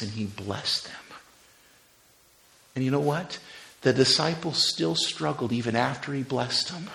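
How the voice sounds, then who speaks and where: A man preaching as pastor, swinging from loud fervent exhortation to a soft, hushed prayer. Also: mid-range voice, moderate pace, vocal fry, echoey room, poor audio. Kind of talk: sermon and closing prayer. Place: church.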